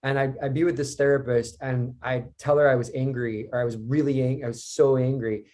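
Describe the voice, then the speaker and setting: A man's voice: mid-range voice, fairly even intonation, fairly quick, darkish tone. A man as a podcast guest, speaking candidly and reflectively in casual conversation.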